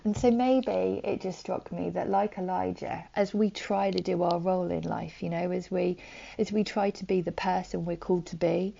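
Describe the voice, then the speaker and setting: A woman giving a gentle, conversational sermon, soft-spoken with frequent likes and ums, on a dull lo-fi recording. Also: on the low side, steady tone, normal speed, vocal fry. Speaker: preacher.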